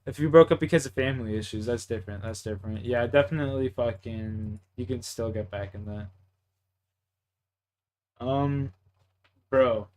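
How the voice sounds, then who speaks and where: A man's voice: medium pitch, normal speed, long pauses, a little mellow. A young man from Canada with a Canadian accent, chatting casually in a laid-back, profane, slangy way. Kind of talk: casual chat.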